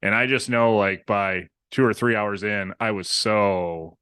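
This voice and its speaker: A man's voice: on the low side, measured pace, bright, forceful tone, smooth, dry recording. A man co-hosting a casual podcast chat, who reacts with short exclamations and laughs and tells his own loose story. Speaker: podcast co-host.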